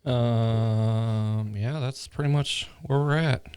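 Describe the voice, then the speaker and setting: A man's voice: mid-range voice, slow pace, darkish tone, clear, resonant tone. A man co-hosting a casual podcast, dropping dry, wisecracking remarks. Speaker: podcast co-host.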